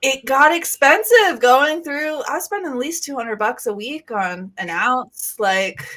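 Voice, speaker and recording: A woman in her thirties from California, talking as a guest in a casual interview, relaxed and rambling with lots of fillers. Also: sits high, unhurried. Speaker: guest, grower and educator.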